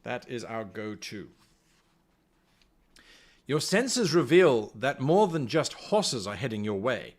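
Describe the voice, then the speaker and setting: A mid-range male voice with big pitch swings speaks slowly, with long pauses, as a game master reading a solo gamebook aloud on a live stream. He's chatty, talking to the stream chat between the passages he reads.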